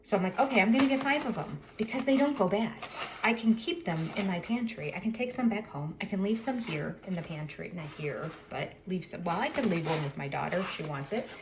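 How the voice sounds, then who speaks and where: A woman's voice: on the low side, expressive, fairly quick, noisy background. Chatty middle-aged woman vlogger. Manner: chatty, rambling storytelling with self-corrections. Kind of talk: casual chat.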